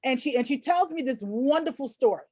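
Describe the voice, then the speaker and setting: A middle-aged woman shares stories on a book festival panel over a video call. Her voice sits high and sounds dry and close. She performs her anecdotes with lively, expressive energy. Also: a little fast, dry recording. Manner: animated storyteller, acts out voices in anecdotes. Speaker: panelist, children's book author and illustrator. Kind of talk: panel discussion.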